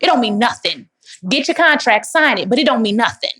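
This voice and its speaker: A woman's voice: fairly high pitch, lively intonation, fairly quick, fairly bright tone, husky. A woman from Dallas, Texas, answering audience questions in an emphatic, preachy motivational way, calling listeners "baby.". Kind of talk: motivational live Q&A talk.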